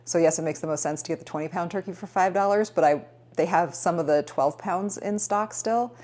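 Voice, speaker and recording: Chatty woman vlogger, slightly low voice. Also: fairly quick, darkish tone. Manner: chatty, rambling, upbeat. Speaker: fitness vlogger. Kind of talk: casual vlog chat.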